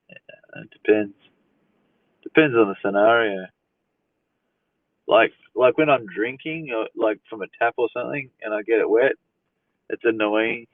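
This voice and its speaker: On a phone livestream, a man with a lowish voice answers chat in a relaxed live Q&A, reading questions aloud and often laughing. The recording has no echo and a dry, tinny, phone-like sound.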